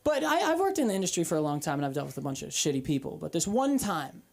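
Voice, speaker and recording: Lively, profane woman doing stand-up. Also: gravelly. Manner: profane, animated storytelling with quick pitch jumps. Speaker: stand-up comic. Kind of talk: open-mic stand-up set. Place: comedy club stage.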